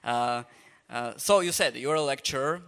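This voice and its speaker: Guy hosting a festival talk in english, smooth resonant voice, lots of uhs and ums. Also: mid-range voice, normal speed, fairly bright tone. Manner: hesitant, many fillers. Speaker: host, journal editor. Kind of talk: live public talk introduction. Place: festival event space.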